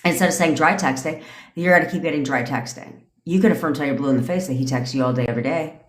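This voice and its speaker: A low-voiced woman coach rants on a livestream in a blunt way and swears freely. She keeps checking in with her listeners. The room has a noticeable echo. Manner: blunt, swears freely, fast talk with repeated "okay?". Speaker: manifestation coach. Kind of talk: livestream rant.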